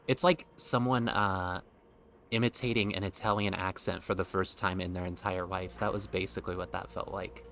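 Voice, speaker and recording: A man's voice: low voice, fairly even intonation, normal speed, gravelly, fairly bright tone, a little hiss or hum. A young man streaming a game, chatty and self-mocking, with casual commentary.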